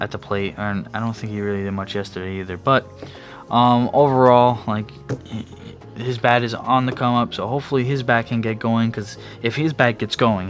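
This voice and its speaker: A young man hosting his own sports podcast, talking casually in a rambling way, with frequent restarts and fillers. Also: fairly low pitch. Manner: yawning at times. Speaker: podcast host. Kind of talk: casual solo sports talk. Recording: faint background music.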